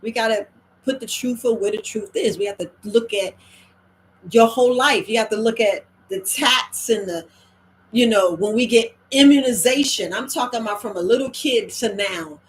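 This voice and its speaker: A middle-aged woman herbalist talking in a casual, animated monologue, slipping into quoted voices and slang. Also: on the high side, normal speed, poor audio. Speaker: herbalist host.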